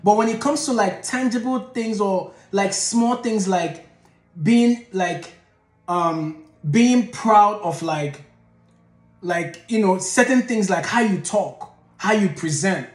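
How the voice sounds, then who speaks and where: High-voiced man musing in an echoey room. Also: slow, soft background music. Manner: emphatic, reframes and restarts mid-thought. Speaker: channel host. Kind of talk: opinion commentary vlog. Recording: roomy echoey room sound.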